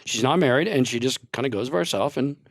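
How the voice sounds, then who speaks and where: A man's voice: medium pitch, quick pace. An older man, a guest on a podcast, telling long rambling stories in casual chat and laughing often.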